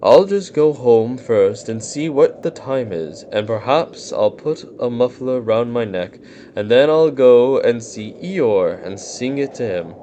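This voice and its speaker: A man voicing a gentle, simple-minded bear cub who talks cheerfully and gets a bit muddled, humming his songs. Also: medium pitch, expressive, unhurried, a little hiss or hum, close to an everyday voice.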